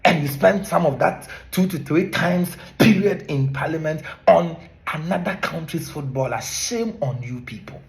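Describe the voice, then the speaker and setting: A Ghanaian man with a fairly high-pitched voice rants straight to camera, firing off one rhetorical question after another. His tone is indignant and scolding throughout, like a former teacher lecturing people who should know better. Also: lively intonation, normal speed, creaky, few pauses. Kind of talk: impassioned monologue to camera.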